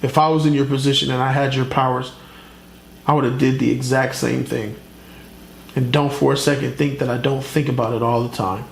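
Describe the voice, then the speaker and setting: A man voicing a grave adult male Batman in a low, slow, consoling tone. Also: level tone, creaky, slight background noise, close to an everyday voice. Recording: roomy echo.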